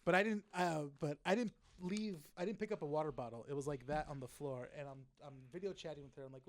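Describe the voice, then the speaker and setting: A man co-hosting a podcast in casual chat, laughing often and chiming in with quick jokes. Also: a little high, big pitch swings, slight background noise. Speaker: podcast co-host.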